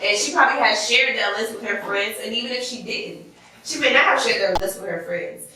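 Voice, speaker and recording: Woman on a group podcast, animated, does the voices, bright voice, echoey room and a bit far from the mic. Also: mid-range voice, brisk, slight background noise. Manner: animated, acts out quoted voices. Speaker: podcast co-host. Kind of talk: casual group chat.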